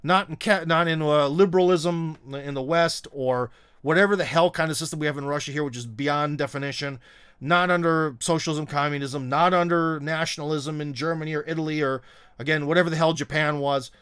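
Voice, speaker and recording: A man's voice: a little high, fairly even intonation, brisk, a bit bright, smooth. A middle-aged man hosting a livestream, talking bluntly and sarcastically with lots of fillers and restarts as he reads comments. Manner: blunt and sarcastic, frequent fillers and restarts, mocking put-on voices. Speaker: live stream host. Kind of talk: casual opinion livestream reading comments.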